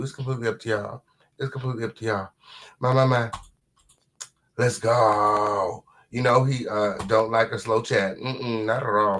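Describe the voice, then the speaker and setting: A man hosting a casual live commentary stream at home, sassy and full of repeated drawn-out catchphrases. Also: on the low side, gravelly, a bit bright, slight background noise. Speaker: livestream host.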